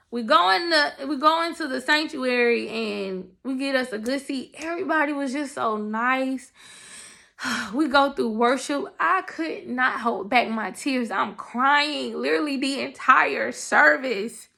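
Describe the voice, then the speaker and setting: A young woman telling her faith testimony in a casual, animated, emotional way, talking straight to her listeners. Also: high voice, a little slow, gravelly. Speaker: person sharing a faith testimony. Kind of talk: casual storytelling.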